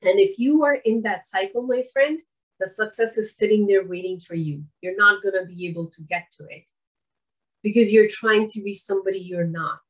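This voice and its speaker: A woman's voice: mid-range voice, moderate pace, rough recording. A woman giving an earnest, coaching motivational talk, speaking straight to the listener as a friend.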